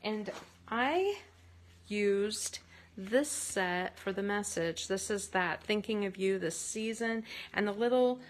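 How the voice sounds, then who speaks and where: A woman hosting a casual card-making tutorial from her craft space, chatty and rambling, with bursts of excitement. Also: mid-range voice, slow pace.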